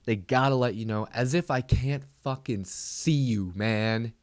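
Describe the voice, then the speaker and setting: A man's voice: mid-range voice, expressive, slow, few pauses, no echo, clean studio sound. A man hosting a comedy podcast, ranting in a casual, exasperated and profane way that rambles along.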